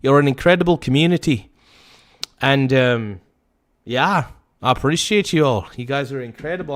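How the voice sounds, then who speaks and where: A man hosting a casual livestream, excitable and swearing often as he thanks viewers by name. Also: a little high. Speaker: livestream host.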